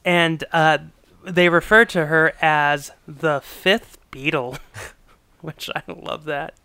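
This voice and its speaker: Bright, crisp man talking movies. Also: a little high, fairly even intonation, takes it slowly, dry recording. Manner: enthusiastic, laughs while talking. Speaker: podcast co-host. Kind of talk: casual film discussion.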